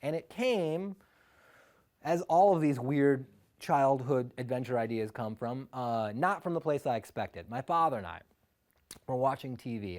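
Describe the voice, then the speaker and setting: A man's voice: medium pitch, a little mellow. A man from Illinois telling a funny personal story with wry, self-mocking asides. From Illinois, USA.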